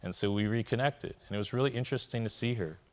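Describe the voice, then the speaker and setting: A man's voice: lowish voice, fast, darkish tone. A man telling his personal story to a live audience in a keynote talk, with candid, self-deprecating humor, often checking in with the listeners. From Korea. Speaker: conference speaker.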